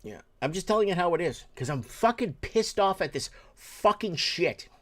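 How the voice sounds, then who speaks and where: A man hosting a talk show, ranting angrily and cursing, swinging between shouted bursts and low muttering. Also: sing-song, normal speed. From Portuguese heritage. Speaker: show host. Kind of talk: angry political rant.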